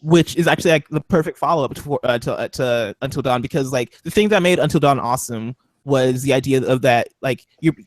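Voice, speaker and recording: A man co-hosting a podcast in a casual group chat, rambling excitably with lots of fillers. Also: medium pitch, brisk, few pauses, dry recording. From Seattle. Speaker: podcast co-host.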